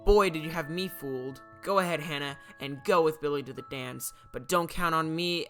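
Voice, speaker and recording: A man's voice: a little high, moderate pace, fairly bright tone, soft background music, lightly acted. A man voicing a hurt, angry teenage girl who accuses her best friend in a raised voice.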